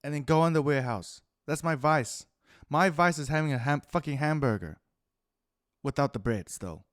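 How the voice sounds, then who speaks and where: A man with a New Zealand accent ranting profanely through a rambling solo monologue, swinging between loud outbursts and muttered asides. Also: on the high side, moderate pace, no room sound, studio quality. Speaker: podcast host.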